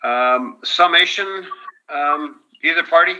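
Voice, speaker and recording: A man chairing a formal hearing, polite and measured. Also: on the high side, bright, forceful tone, a little hiss or hum. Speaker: board chair. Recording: dull lo-fi room audio.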